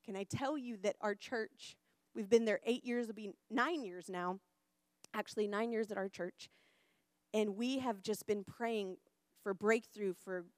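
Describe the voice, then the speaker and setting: A middle-aged woman preaching and telling her testimony, passionate, rising loud and high and then falling soft and low. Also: measured pace, no echo, clean studio sound. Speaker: pastor and speaker. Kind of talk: sermon testimony.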